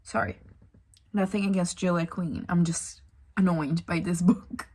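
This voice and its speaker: A woman's voice: on the low side, steady tone, unhurried, a little mellow. A young woman reviewing a book in a casual vlog, ranting in exasperation with sighs and swearing.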